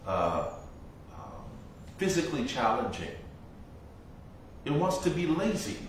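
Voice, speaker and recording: Man, buddhist monk teacher, slow reflective dharma talk, very echoey distant recording. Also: mid-range voice, a little hiss or hum. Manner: slow, reflective storytelling with long pauses. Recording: very echoey room, voice from far off.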